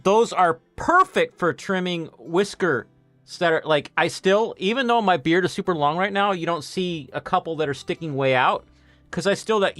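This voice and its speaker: A man in his late thirties chats casually over a game stream, his voice sitting slightly high. He drifts from topic to topic and hands out practical tips in a loose, rambling way. Soft game music plays faintly underneath. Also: no echo. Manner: rambling, gives practical advice with a laugh. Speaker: gameplay streamer. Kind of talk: casual chat over gameplay.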